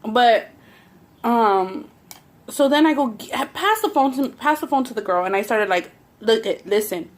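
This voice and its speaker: Eating for her vlog, a young Southern Californian woman tells animated stories that are blunt and full of profanity. She speaks at a measured pace in a voice that is a little high.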